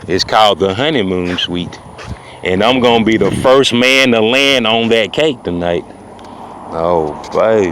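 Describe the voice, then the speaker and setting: A man telling a rambling, boastful comic story, often turning to his listeners with "ladies and gentlemen.". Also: on the low side, slight background noise. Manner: rambling, boastful, repeats "ladies and gentlemen" and "you know what I'm saying". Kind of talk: improvised comic storytelling monologue.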